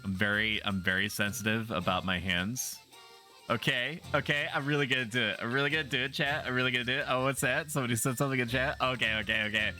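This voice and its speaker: A man's voice: mid-range voice, fairly even intonation, quick pace, sharp tone, soft background music. A man streaming a game, chatting playfully and bawdily with his viewers in a teasing, casual way. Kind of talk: casual gaming commentary.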